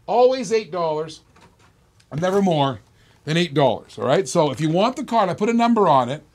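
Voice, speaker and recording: Brash, fast-talking male auction host. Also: on the high side. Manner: rapid-fire salesman patter, loud and excitable; brash, boastful. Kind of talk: live-stream auction patter.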